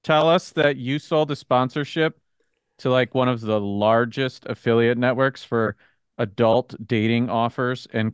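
A man's voice: medium pitch, clean tone, no echo, studio quality. A man co-hosting a podcast, asking teasing, incredulous questions in casual banter. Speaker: podcast co-host.

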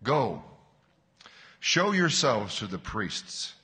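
A man reading the words of Jesus, a calm grown male teacher, slow and measured, in a reverberant hall. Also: lowish voice, exaggerated voice.

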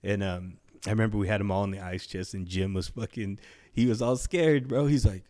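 A man's voice: on the low side, brisk, mellow. A young man telling stories in casual chat, laid-back and profane, peppering his talk with "dude" and "bro".

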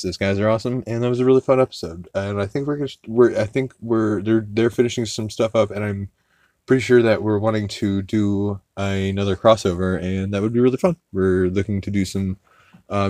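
A man's voice: on the low side, brisk, a little mellow, dry recording. A man hosting a podcast, casually recapping an episode in a rambling, profane way with many fillers and restarts. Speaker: podcast host.

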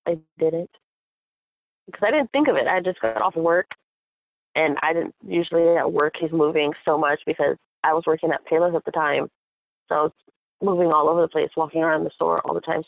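A young woman telling a personal story in a casual chat, animated and acting out what others said, with frequent laughs. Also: low voice, creaky, dry recording. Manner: animated, acts out quoted voices, laughs often. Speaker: guest. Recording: tinny phone-like audio.

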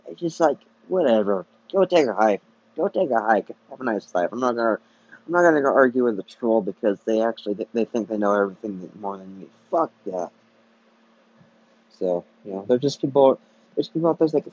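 A man's voice: medium pitch, lively intonation, fairly quick, darkish tone, no echo. A man hosting a solo podcast, ranting in a profane, repetitive way and often restarting his sentences. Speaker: podcast host. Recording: dull lo-fi recording.

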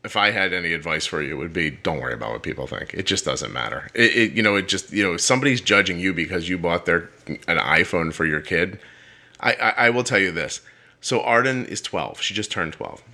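Deep, bright-voiced blunt male host. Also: expressive, a little fast. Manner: blunt, joking, emphatic. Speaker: podcast host. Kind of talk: casual conversation.

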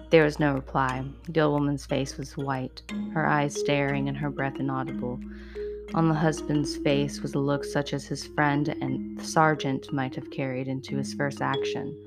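A woman reading a story aloud in a measured, dramatic narrating manner. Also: rumbling low, level tone, vocal fry, soft background music.

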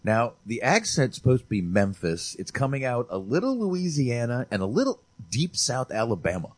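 A man's voice: mid-range voice, dry recording. A man hosting a casual movie review podcast, joking and swearing freely. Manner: joking, profane, enthusiastic. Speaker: podcast host.

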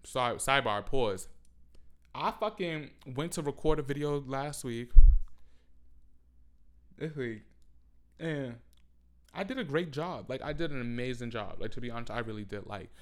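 A man with a smooth, resonant voice hosts a casual solo podcast from home. He rants loudly and animatedly, swearing freely and tossing in mocking asides. His pitch sits in an ordinary middle range. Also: lively intonation, moderate pace, pauses often. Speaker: podcast host.

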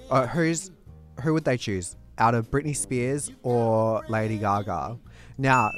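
Brief: young Aussie podcast co-host, teasing and lively storyteller, clear music bed behind. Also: male voice, mid-range voice. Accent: Australian. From Perth, Australia. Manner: playful, animated storyteller. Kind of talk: casual chat.

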